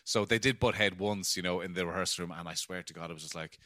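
Man, cork accent, lowish voice, bright tone, rambling swearing anecdotes, casual chat. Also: quick pace, no echo, studio quality. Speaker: podcast guest, actor.

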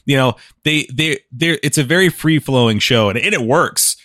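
A man's voice: medium pitch, moderate pace, fairly bright tone, no room sound, studio quality. A man hosting his podcast in casual chat, rambling with many restarts, his voice a bit muffled as he chews food. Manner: rambling, restarts a lot, chuckles. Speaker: podcast host.

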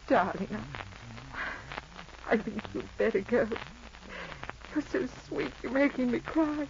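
A woman's voice: on the high side, unhurried. An actress playing a lonely, wealthy unmarried woman in her forties who speaks emotionally, in 1940s radio acting style. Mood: tender, emotional. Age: 40s. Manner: emotional, breathy sighs of endearment. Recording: muffled old radio recording with clear hiss.

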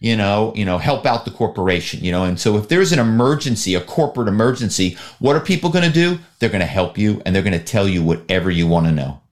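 A middle-aged man, a guest on an interview show, telling lively stories and acting out phone calls. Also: fairly low pitch, fast, hardly any pauses. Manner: animated, acts out calls. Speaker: guest, former corporate spy and actor. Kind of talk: storytelling in an interview.

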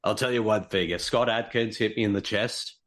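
In a fairly quick, somewhat bright voice on the low side, a man does a goofy impression of a famous Australian actor. He brags in a mock Australian accent, full of boastful bravado.

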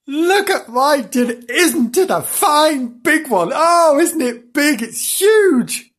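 A man voicing a dim-witted, boastful dog in a storybook reading, with a slow, high, drawn-out delivery. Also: sing-song, husky, exaggerated voice.

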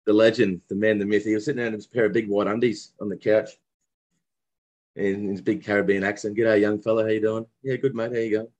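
Rambling Australian man, slightly low voice. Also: fairly even intonation, fast talker, a little mellow, dull audio. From Brisbane, Australia. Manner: reminiscing, rambling with many restarts. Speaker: guest, former cricketer. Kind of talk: casual interview chat.

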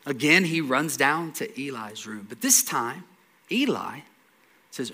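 A man preaching a sermon, telling a scripture story with lively acted-out dialogue, repeating words and dropping into soft asides. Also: medium pitch, measured pace, husky. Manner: animated storytelling, acts out dialogue. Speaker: pastor.

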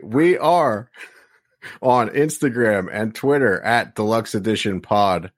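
Podcast co-host, male, low voice, dry close mic, rambling casual delivery. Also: animated, slow, dry recording. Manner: rambling, many restarts.

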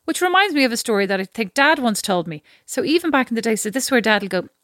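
Quick-talking woman telling stories. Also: on the high side, lively intonation, fairly bright tone, dry recording, studio quality. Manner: rambling storytelling, chatty. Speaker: podcast co-host. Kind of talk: casual chat.

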